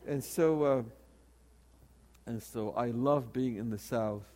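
A man in his sixties, a theology professor, telling a story in a sermon with animated delivery and frequent restarts. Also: mid-range voice, slow. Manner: animated, with many restarts and repeated words.

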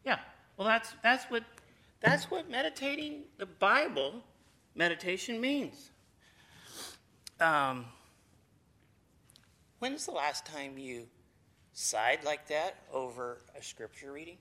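A man leads a casual Bible teaching in a bright, slightly high voice. He talks in a folksy, chatty way and drops playful asides to the group as he goes. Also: expressive, takes it slowly, pauses often. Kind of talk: informal sermon to a group.

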